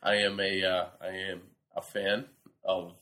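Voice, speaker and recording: A man guests on a casual podcast. His fairly low voice sounds nasal and stuffed-up from a cold. He talks in a dry, sarcastic way. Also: little pitch movement, a little slow, crowd noise. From New Hampshire. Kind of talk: casual chat.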